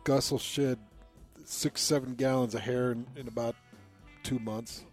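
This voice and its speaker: A man's voice: medium pitch, fairly even intonation, a little slow, soft background music. A man co-hosting a casual talk show, chatty and enthusiastic, laughing often. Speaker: radio co-host. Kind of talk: casual chat.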